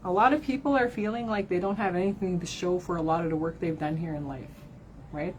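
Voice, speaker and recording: A fast-talking woman with a low voice gives her followers a card reading over a rough recording with slight background noise. As a card reader and spiritual advisor in an emotional livestream, she is candid and swears, often ends sentences with "right?", and at times nearly cries.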